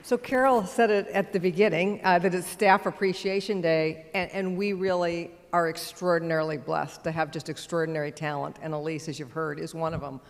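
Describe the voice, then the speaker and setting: A woman speaking as a board chair on a conference panel, measured and gracious, with frequent "um" and "uh". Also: on the low side, fairly even intonation, slight background noise. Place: large conference hall stage. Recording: long hall reverb.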